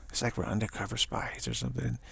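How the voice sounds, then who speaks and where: Low raspy guy giving a spiritual talk, stammery, keeps chuckling at himself. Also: a bit bright. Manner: halting, stammers and repeats words. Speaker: spiritual teacher.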